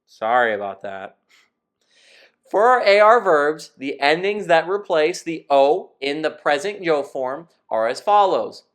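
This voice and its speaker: A man teaching Spanish in a scripted lesson, explaining verb rules in a clear, methodical way. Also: fairly high pitch, lively intonation, a little slow, hardly any pauses, a bit bright.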